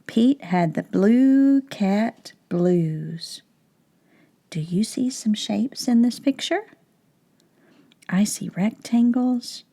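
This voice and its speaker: A woman teacher reading a picture book aloud to young children, slowly and clearly, pausing to ask them questions. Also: medium pitch, lively intonation, warm tone. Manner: slow, clear, asks questions of child viewers.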